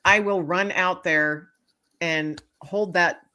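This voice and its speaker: A woman author chatting as a guest, her voice pitched low but bright and forceful. She tells stories with lots of energy, acting out the voices and laughing along with them. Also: fairly even intonation, slow pace. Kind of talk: casual storytelling interview.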